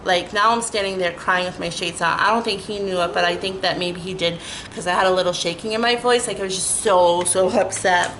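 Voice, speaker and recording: A middle-aged woman telling a rambling, animated story in a casual vlog, full of "like" and restarts. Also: lowish voice, fairly quick, few pauses, slight background noise, low-quality recording. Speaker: storytelling vlogger.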